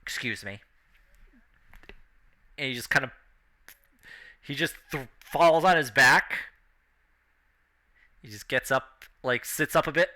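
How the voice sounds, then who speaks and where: Slow, bright-voiced male game master. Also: on the high side. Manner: laid-back, filler-heavy, chuckling. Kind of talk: narrating a tabletop game.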